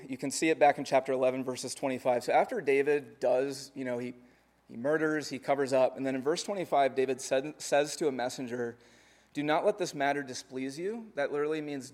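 Speaking at a medium pitch, a young adult male pastor preaches in a conversational style, working through numbered points and adding lively asides.

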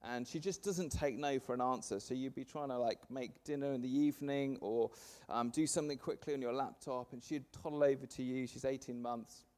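A man, preaching a sermon to a congregation, punching words loudly then letting phrase ends fall soft. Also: medium pitch, fairly quick, few pauses. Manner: lively, swings from loud emphasis to soft trailing phrase ends. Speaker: pastor. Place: church service before a congregation.

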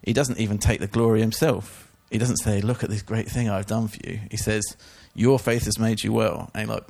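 A man's voice: fairly low pitch, fairly even intonation, a little fast, a little mellow. A man giving a casual, chatty Bible teaching talk, full of informal asides. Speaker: church teacher.

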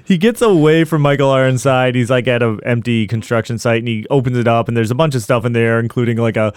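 A man's voice: medium pitch, fast, darkish tone, smooth, dry recording, studio quality. A man casually recapping a film in a podcast chat, rambling with lots of fillers.

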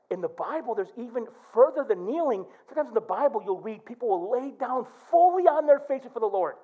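A man's voice: extremely high pitch, brisk, hardly any pauses, breathy edge, muffled recording. A middle-aged male pastor preaching a sermon, telling stories and acting out prayers. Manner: animated preaching with quoted prayers.

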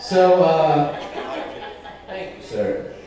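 A young male stand-up comedian with a fairly high voice rambles through a profane club set, tossing in constant asides. He sounds a bit distant from the mic, in a very echoey room. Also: lively intonation, drawn-out words, crowd noise.

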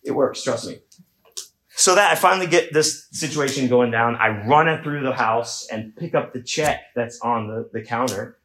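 A man's voice: mid-range voice, normal speed, slight background noise. A middle-aged man from Houston telling a comic story to an audience in a loose, conversational, self-mocking way. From Houston, Texas. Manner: conversational, self-mocking, acts out shouts in quoted voices. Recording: echoey room.

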